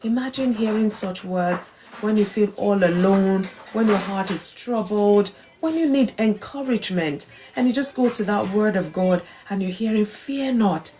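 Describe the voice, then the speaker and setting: Mellow-voiced woman giving an earnest devotional talk. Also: mid-range voice, normal speed, hardly any pauses. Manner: earnest and emphatic, repeats key phrases, acts out quoted remarks. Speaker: host of a faith encouragement livestream.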